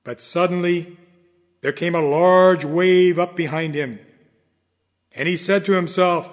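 A man preaching a sermon in a dramatic oratorical manner, swinging from loud declarations to hushed low lines. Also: measured pace, long pauses, in a large hall.

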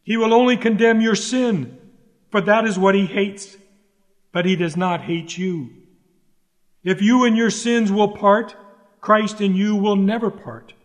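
A man's voice: high-pitched, steady tone, unhurried. A man preaching a sermon, earnest and emphatic, pleading with the listeners and repeating his key phrases. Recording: long hall reverb.

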